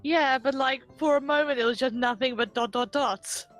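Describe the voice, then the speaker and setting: A woman's voice: high voice, moderate pace, a bit bright, soft background music. A woman co-hosting a game stream, chatting in an easygoing, dry way. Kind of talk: casual game stream chat.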